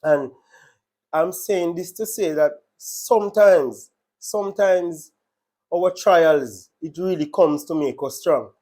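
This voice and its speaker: Jamaican guy sharing his testimony, kinda high voice for a man, earnest and emotional, repeats himself a lot. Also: slow pace, dark tone. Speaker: testimony speaker. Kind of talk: personal faith testimony.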